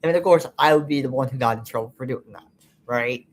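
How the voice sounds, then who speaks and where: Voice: mid-range voice, brisk. Vlogger, casual monologue, angry and profane, rambling delivery with lots of fillers. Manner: frustrated, bitter venting. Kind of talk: unscripted personal monologue.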